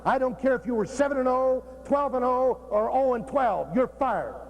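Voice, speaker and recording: High-voiced blunt, profane man coaching. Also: normal speed. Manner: blunt and profane, cracking jokes. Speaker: football coach speaking at a coaching clinic. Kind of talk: humorous coaching clinic talk.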